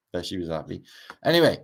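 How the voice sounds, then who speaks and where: A man's voice: low-pitched, vocal fry, breathy edge. A middle-aged Welsh man hosting a livestream, rambling casually over pictures with wry asides and casual swearing. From Wales. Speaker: livestream host.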